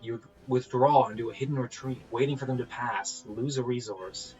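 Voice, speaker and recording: A man narrating a solo tabletop game as game master, relaxed and rambling, with frequent laughs and fillers. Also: mid-range voice, moderate pace, slightly rough. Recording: dull lo-fi recording with faint music.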